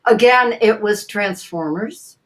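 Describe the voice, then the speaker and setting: Older woman telling lively anecdotes. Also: medium pitch, slow pace. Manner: animated, theatrical storyteller with many restarts. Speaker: guest voice actor. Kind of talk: casual interview storytelling.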